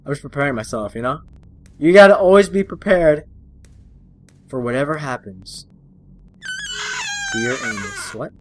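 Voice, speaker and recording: Jumpy, swearing gamer guy with a lively voice. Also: a little high, normal speed, pauses often, slight background noise. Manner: jumpy, swearing, joking, talks to the game. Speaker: gaming channel host. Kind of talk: horror game let's play commentary.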